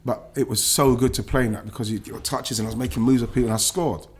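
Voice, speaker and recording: A middle-aged man from England tells a personal story as a podcast guest. He speaks in animated bursts, swears freely and breaks into halting restarts when the memory hurts. His pitch sits in the middle. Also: husky. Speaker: guest, former footballer.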